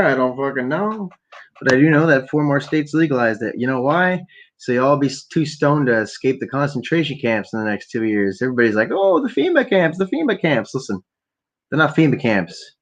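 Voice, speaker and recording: A Canadian man hosts a rambling late-night solo podcast at home on a laptop, keeping quiet for his neighbors. Stoned and swearing constantly, he rants in a profane, meandering way. His voice is mid-range, and the sound is lo-fi.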